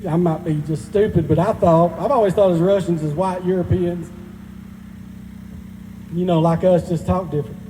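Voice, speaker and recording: A man's voice: high-pitched, fairly even intonation, normal speed, pauses often, mellow, a little hiss or hum. A man in his forties with a Southern Georgia drawl doing a self-deprecating, crude stand-up set at a live benefit, recorded in a reverberant hall. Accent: Southern US, rural Georgia. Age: 40s. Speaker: stand-up comedian. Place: stage at a live benefit event.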